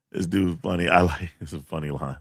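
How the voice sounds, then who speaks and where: A man's voice: low-pitched, a bit bright, slightly rough, no room sound, studio quality. Man, livestream host, emphatic, profane, tense edgy voice. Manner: emphatic, profane, candidly venting. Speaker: college teacher and livestream host. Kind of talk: livestream chat, reading viewer comments aloud.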